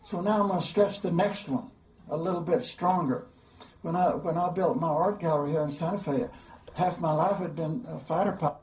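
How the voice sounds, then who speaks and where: Older man, interview answers, halting and repetitive, echoey room, dull audio. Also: a little high, darkish tone. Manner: halting, repeats words at the start.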